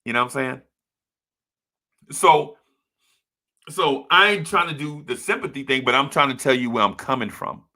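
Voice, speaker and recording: A live-stream host vents his feelings as a basketball fan, repeating himself and asking rhetorical questions with real sincerity. His medium-pitched voice moves at normal speed and comes across pushed and bright.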